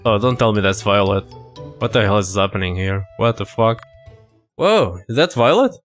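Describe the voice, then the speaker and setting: A man's voice: fairly low pitch, lively intonation, moderate pace, soft background music. A man casually commenting while he plays a game, muttering and swearing in loose reactions. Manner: laid-back, swears often, mutters reactions. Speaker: gaming channel host. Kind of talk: casual let's play commentary.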